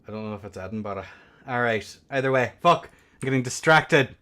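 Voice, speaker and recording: A young man hosting a game tournament stream, rambling and swearing between bursts of excited play-by-play commentary. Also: medium pitch, a little fast. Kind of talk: casual livestream game commentary.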